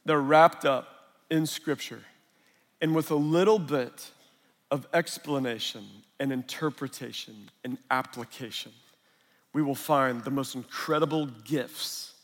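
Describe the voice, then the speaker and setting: A man preaching a sermon, mixing chatty storytelling and humor with Scripture. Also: fairly high pitch. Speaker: pastor. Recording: long reverb of a large hall.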